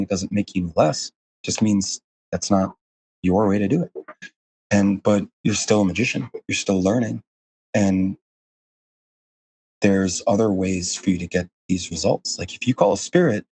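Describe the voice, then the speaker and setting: A man's voice: on the low side, darkish tone, a little hiss or hum. A man as a podcast guest, talking earnestly in a casual, rambling way with lots of fillers and restarts. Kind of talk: casual interview conversation.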